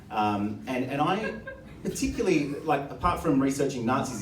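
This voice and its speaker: A man performs stand-up, crude and sardonic, his pitch swinging animatedly. He is heard from a distance in a roomy venue, with audience laughter and clear ambient noise behind him. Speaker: stand-up comedian. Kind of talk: stand-up comedy set. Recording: echoey live venue, distant mic. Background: audience laughter and room ambience.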